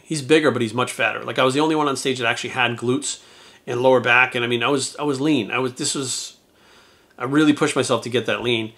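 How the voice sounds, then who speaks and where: A YouTuber and retired bodybuilder tells his viewers a story to camera in a candid, profane, rambling way. His mid-range voice sounds pushed and bright.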